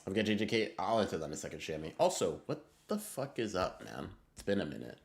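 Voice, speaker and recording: A deep-voiced man hosts a live stream and talks casually with his viewers. He rambles in excitable bursts and swears freely as he answers them. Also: fast, creaky. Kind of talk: casual livestream chat reading viewer messages.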